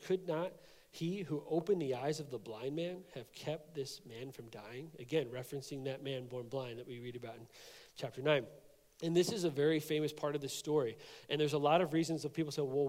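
A man's voice: fairly high pitch, a little mellow, in a large hall. A man preaching a sermon, reading scripture aloud and commenting on it in a casual, conversational way. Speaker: pastor.

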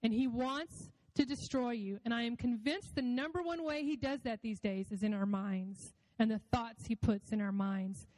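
A woman's voice: fairly high pitch, normal speed, darkish tone, no room sound, big-room sound, rough recording. A woman giving a personal faith testimony in an earnest, reflective and emotional way.

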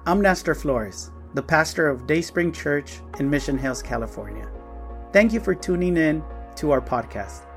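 Calm male pastor over soft music. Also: fairly high pitch, moderate pace. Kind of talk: podcast intro. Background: faint music.

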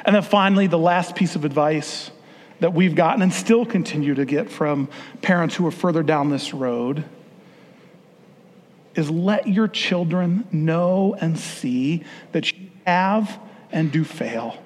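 High-voiced man speaking in a reverberant hall. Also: a little slow. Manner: earnest and conversational, with frequent restarts. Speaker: speaker addressing fathers. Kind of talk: sermon-style talk with personal story.

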